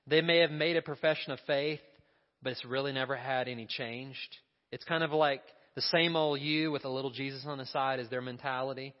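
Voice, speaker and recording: A man's voice: medium pitch, fairly even intonation, a little fast, in a large hall, dull audio. A male pastor preaching a sermon in a conversational way, asking the congregation questions and adding asides.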